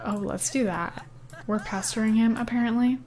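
A woman's voice: a little high, fairly even intonation, moderate pace, a little mellow. A young woman casually narrating her life-simulation game as a gaming YouTuber, chatty and giggly, with lots of "um" and "like". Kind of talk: casual let's-play commentary.

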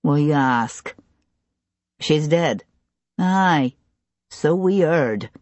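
A woman narrator voicing a gruff, stocky, scarred male tavern keeper and ex-soldier with a West Country accent, in a surly, taunting manner. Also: low voice, animated, drawn-out words, darkish tone, dry recording, exaggerated voice. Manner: surly, taunting, clipped dialect.

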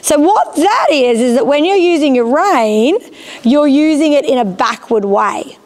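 A woman's voice: high voice, lively intonation, unhurried, darkish tone. A woman instructing a rider in a riding arena, encouraging and often checking that she understands. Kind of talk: live coaching of a rider.

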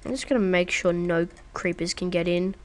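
A woman's voice: fairly low pitch, steady tone, moderate pace. A woman giving casual, chatty let's-play commentary, talking playfully to her viewers. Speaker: gaming video creator.

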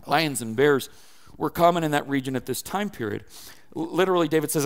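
Male pastor, animated sermon delivery, loud to soft; gravelly, a bit high. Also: moderate pace.

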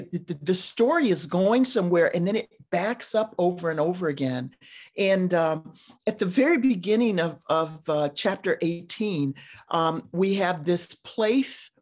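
A woman, a professor, discussing scripture over a video call in a halting, deliberate way, with frequent pauses and restarts. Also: on the low side, darkish tone. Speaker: seminary professor. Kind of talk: conversational theology discussion.

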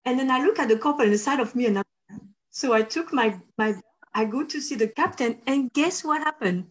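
A woman hosting a casual chat, telling a story in a lively way and acting out what people said. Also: high-pitched, fairly quick, low-quality recording. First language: French. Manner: animated, acts out quotes with laughs. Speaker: host.

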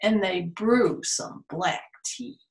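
A woman reading a children's picture book aloud at a very slow, patient pace. Her voice sits at a middle pitch. She plays up the animal sounds and turns to her young listeners, and the room has a noticeable echo. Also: creaky. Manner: playful, adds animal sounds and asides to the listeners. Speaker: storytime reader. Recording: roomy echo.

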